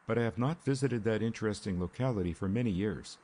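Brief: man voicing an easygoing young gent, low husky voice, breezy storybook read. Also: fast, a little mellow.

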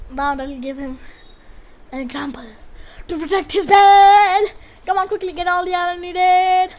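A woman giving live gameplay commentary, excitable and trash-talking, yelling at opponents and teammates between quieter muttering. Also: very high-pitched, a little slow. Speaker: gamer commentator.

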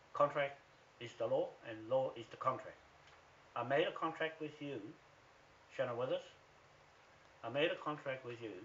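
A man's voice: mid-range voice, fairly bright tone, slight background noise. A man with a New Zealand accent, ranting defiantly straight to camera, accusing people by name and swearing as he goes. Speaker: activist vlogger. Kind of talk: angry direct-to-camera rant. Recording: dull lo-fi recording.

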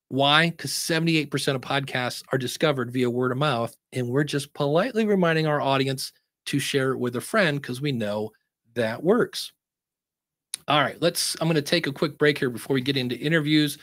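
A man teaching podcasting in a casual webinar, chatting and acting out quotes in a higher voice. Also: normal speed, fairly bright tone, no room sound, studio quality. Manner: conversational, acts out quotes in a higher voice. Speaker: podcast educator presenting a webinar.

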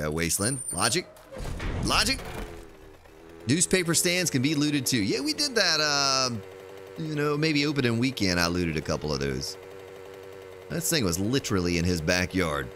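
A man's voice: mid-range voice, very animated, normal speed, background noise. A man streaming a game, chatting casually and thinking aloud as he plays. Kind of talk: casual gameplay commentary.

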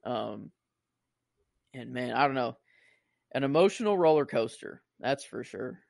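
A man co-hosting a movie podcast in loose, casual chat. He talks in rambling, restarting sentences packed with fillers, at a middle pitch. The sound is dry and close, with no room echo. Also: expressive, unhurried, vocal fry. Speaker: podcast co-host. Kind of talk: casual film discussion.

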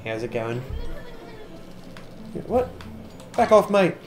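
A tipsy man hosting a VR gameplay video, talking in a put-on wandering British accent, with excitable exclamations and swearing at the game. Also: a little high, slow, a faint crowd, slight background noise. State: tipsy from drinking. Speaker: gaming channel host. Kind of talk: VR gameplay commentary.

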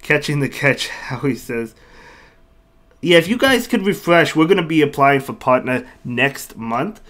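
A man's voice: on the high side, animated, unhurried, fairly bright tone. Chatty male game streamer. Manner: chatty, reads chat aloud, thanks viewers, repeats himself. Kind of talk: live-stream commentary while playing.

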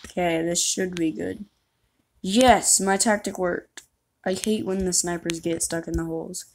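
This gamer's commentary is chatty, rambling and self-mocking as she plays. Her voice is fairly low and a little mellow, with fairly even intonation and a measured pace, over a slight hiss or hum.

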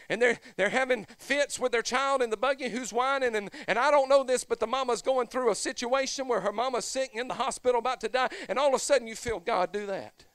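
A man preaching a fervent Pentecostal sermon as pastor, swelling from low, conversational stretches into shouted whoops. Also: no room sound.

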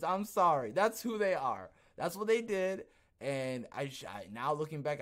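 A man hosting his own podcast, talking in a casual, rambling rant that swings between quiet asides and loud, emphatic bursts. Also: fairly high pitch, sing-song, moderate pace. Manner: repeats himself, rambling restarts. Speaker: podcast host. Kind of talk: casual ranting commentary.

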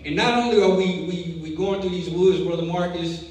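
Young preacher in an echoey church hall. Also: male voice, sits high, normal speed. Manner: animated storyteller, building to emphatic preaching. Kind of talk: sermon with storytelling. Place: church sanctuary. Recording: echoey hall, distant mic, faint noise.

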